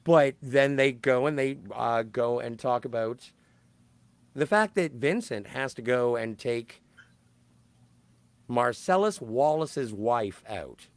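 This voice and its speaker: A man's voice: mid-range voice, takes it slowly, dry recording. A man co-hosting a podcast, recapping a film in casual chat and often correcting himself mid-sentence. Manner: animated, self-correcting storyteller. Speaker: podcast co-host.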